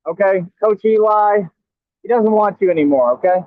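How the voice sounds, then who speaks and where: A man taunting a rival while riding a scooter outdoors, his voice high for a man and prone to stammering restarts. The sound is thin and phone-like, and close and dry. It is a cocky, trash-talking vlog. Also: moderate pace, no room sound. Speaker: vlogger.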